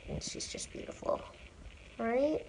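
Touring her animal shelter live, the manager explains every cat in plain terms, then coos to them in a high, sing-song tone. Her pace is measured, and there's slight background noise.

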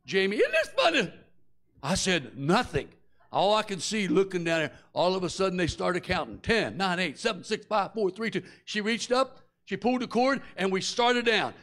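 A man's voice: high voice, lively intonation, moderate pace, fairly bright tone. A middle-aged man preaching a sermon, telling a personal story and acting out the voices and screams of the people in it. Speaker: guest preacher.

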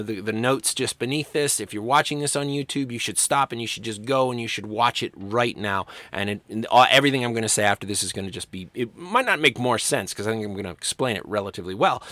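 A man teaching a college writing class in a recorded lecture, conversational and animated, acting out quoted lines along the way. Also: medium pitch, no echo.

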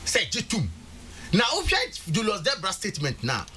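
A man's voice: high voice, wildly swooping pitch, moderate pace, pushed and bright, slight background noise. A Ghanaian man talking politics on a studio panel, emphatic and repeating words for stress. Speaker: political commentator.

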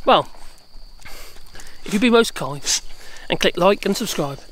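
A woman's voice: mid-range voice, expressive, a little slow, a little hiss or hum. A woman vlogging outdoors while walking her dogs, ranting in an exasperated, sarcastic, chatty way. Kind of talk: ranting political vlog.

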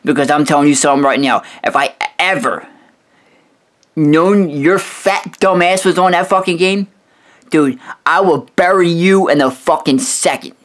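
Guy roasting someone, cussing nonstop, kinda high voice, keeps stuttering restarts. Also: moderate pace, a bit bright. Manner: aggressive, swearing, repetitive stammering restarts. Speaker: video host roasting another creator. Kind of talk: profane insult rant.

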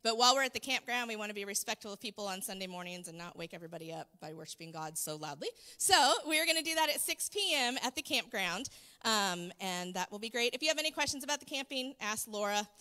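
Bubbly church staffer, bright clear tone, reading announcements in a reverberant sanctuary. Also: female voice, medium pitch, animated, quick pace. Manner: warm and bubbly, laughs often. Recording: long reverb of a church hall.

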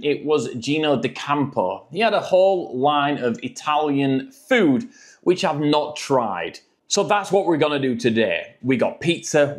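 A man reviewing frozen food in a jokey, chatty vlog. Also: medium pitch.

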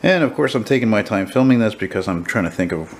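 A man with a deep, gravelly voice rambles casually to a handheld camera, full of fillers and restarts. His voice sits very low, and faint hiss and room ambience run underneath. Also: lively intonation, fast, low-quality recording. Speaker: painter vlogger. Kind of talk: casual handheld vlog chat. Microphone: handheld camera mic.

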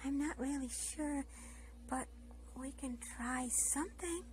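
A woman voicing a gentle, unsure female rainbow snake who hums while she thinks. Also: high voice, slow pace, slight background noise, poor audio. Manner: hesitant, thoughtful hums.

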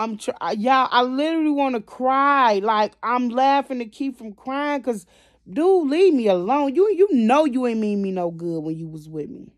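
A woman vlogger venting to her viewers, emotional and swinging between quiet and loud, constantly addressing them directly. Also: a little high, expressive, normal speed, no room sound, studio quality. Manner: emotional, repeats "y'all" constantly. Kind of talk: venting to camera.

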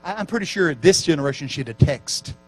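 Animated, high-pitched male preacher. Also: brisk, rough recording. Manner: animated storytelling with acted quotes. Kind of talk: sermon. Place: church camp meeting.

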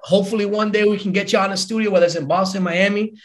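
A man's voice: high-pitched, fairly even intonation, very fast, a crowd in the background. A man hosting a podcast over a video call, talking in a laid-back, profane, bro style. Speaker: podcast host. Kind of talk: casual podcast chat.

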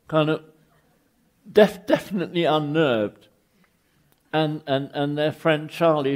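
An older English man giving an anecdotal architecture lecture, wry and rambling, often restarting his phrases. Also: on the high side. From England.

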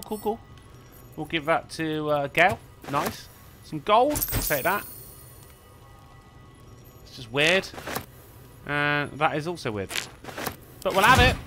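A man's voice: on the high side, bright, forceful tone. Man rambling over a game. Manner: rambling, swears, self-mocking. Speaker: streamer. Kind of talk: let's play commentary.

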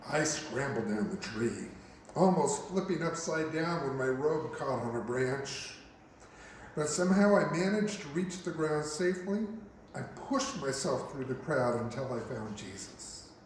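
A male pastor preaching a first-person dramatic monologue sermon, telling the story in character with an expressive, unhurried manner. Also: medium pitch. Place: church sanctuary. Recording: very echoey church hall, faint hiss.

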